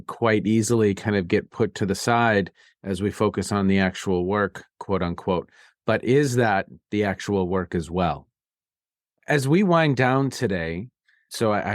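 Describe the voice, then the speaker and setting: A man's voice: lowish voice, moderate pace, dry recording, clean studio sound. A man hosting an interview, reflecting on the guest's points and asking open questions. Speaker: podcast host.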